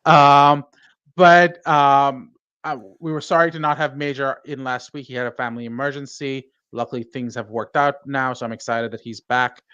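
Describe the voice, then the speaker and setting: A man's voice: medium pitch, fairly even intonation, normal speed, sharp tone, clear, resonant tone, no echo, dull audio. A man hosting a casual podcast chat, rambling through fillers with a dry, self-mocking manner. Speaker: podcast host.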